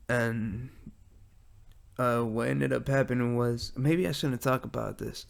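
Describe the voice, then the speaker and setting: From his home garage, a young adult man hosts a solo podcast, rambling in a laid-back, profane monologue. His medium-pitched voice is creaky and steady, at a moderate pace.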